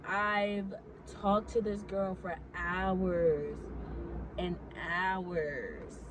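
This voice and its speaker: A woman's voice: mid-range voice, a little hiss or hum, low-quality recording. A young adult woman casually telling a story to her viewers, chatty and swearing freely.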